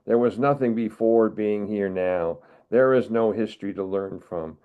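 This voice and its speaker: An older man from the United States, giving a wry, measured poetry reading as a poet. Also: on the low side, smooth. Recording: narrow phone-like video call audio.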